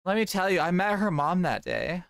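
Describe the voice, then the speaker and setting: A woman's voice: lowish voice, very animated, normal speed, creaky, dry recording, studio quality. A young woman streamer chatting casually and rambling as she reads her chat aloud.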